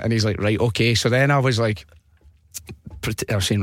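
A man's voice: on the low side, fast, no echo. A man with a Scottish accent, hosting a podcast and telling a prank story in a studio, laughing and doing voices as he goes. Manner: animated, laughs often, acts out voices in stories. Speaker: podcast host. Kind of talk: casual storytelling chat. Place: radio studio. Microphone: studio mic.

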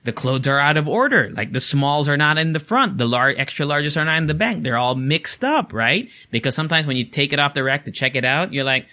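A man's voice: on the high side, expressive, a little fast, few pauses, pushed and bright. A young man, telling a story in casual, rambling talk full of swearing and fillers.

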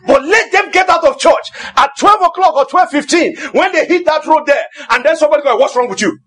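High-voiced pastor preaching. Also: male voice, fairly quick. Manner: emphatic, repetitive, now and then shouting. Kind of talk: sermon.

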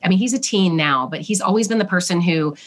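A woman children's book author, chatting as a guest over a video call and telling stories with lively asides. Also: fairly low pitch, quick pace. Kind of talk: casual interview chat.

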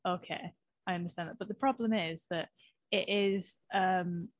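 A woman comedian from the north of England in casual chat, hesitant and halting. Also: on the low side, steady tone, dry recording. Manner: hesitant, many fillers and restarts.

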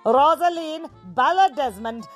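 A woman's voice: sits high, lively intonation, a little slow, soft background music. A woman with a North Cork accent voicing a crude, earthy, chatty rural woman.

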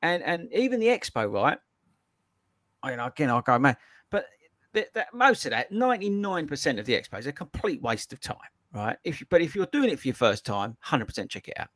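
A man hosting a running podcast, telling stories in an excitable, animated way. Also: a little high, a little fast, dry recording, studio quality. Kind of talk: casual chat.

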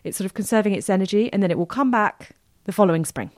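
A woman's voice: mid-range voice, lively intonation, quick pace, darkish tone, no echo, studio quality. A woman in her thirties co-hosting a podcast, chatty and giggly, patiently explaining gardening basics in casual chat. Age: 30s. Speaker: podcast co-host, gardening expert.

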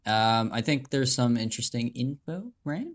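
A young man bantering as a podcast co-host, trailing into fillers and restarts. His voice sits at a plain middle male pitch. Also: animated, moderate pace. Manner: hesitant, filler-heavy. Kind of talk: casual banter.

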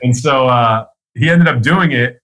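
A man's voice: mid-range voice, a little slow, sharp tone, poor audio. A man telling a rambling, profane story in a casual chat, laughing often as he goes.

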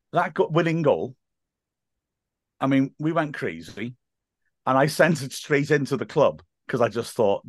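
A man's voice: mid-range voice, dry recording, studio quality. A man, a football commentator chatting as a podcast guest and telling stories with many restarts. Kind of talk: casual podcast chat.

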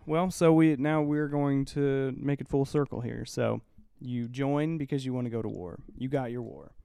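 A man hosting a casual interview podcast, a Marine recruiter who chats easily and backs up his guest with quick affirmations. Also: mid-range voice, vocal fry, clear, resonant tone, no echo. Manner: relaxed, chatty, frequent short affirmations.

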